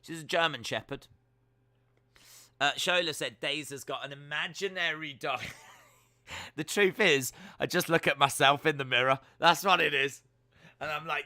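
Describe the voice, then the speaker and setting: A man's voice: fairly high pitch, moderate pace, pauses often, bright, forceful tone, no echo, clean studio sound. A young man hosting a casual watch-along stream, reading chat messages aloud with playful, teasing, self-mocking banter.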